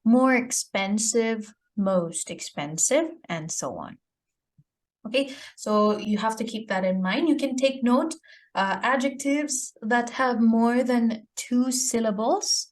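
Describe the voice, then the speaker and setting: A woman's voice: a little high, slow pace. A woman teacher giving a grammar lesson, explaining step by step and often checking her student's understanding with "okay?". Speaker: English teacher.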